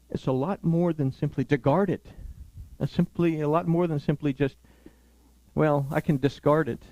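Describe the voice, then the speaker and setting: A man delivers a Sabbath sermon with a somewhat high-pitched voice. He teaches earnestly, leaning on key words and hurrying through asides. The sound is dry, with no room echo. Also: mellow. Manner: earnest, emphatic, quoting scripture and explaining Hebrew words.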